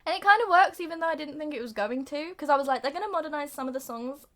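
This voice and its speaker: Giggly young woman, fairly high voice. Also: lively intonation, a bit bright. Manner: giggly, breathless retelling with sung bits and quick voice changes. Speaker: film reviewer. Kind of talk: casual comedic review.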